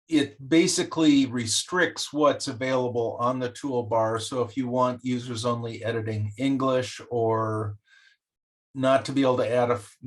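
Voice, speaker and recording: A man taking part in an online meetup, explaining things in a hesitant, halting way. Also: mid-range voice. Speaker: meetup participant. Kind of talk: casual video call discussion.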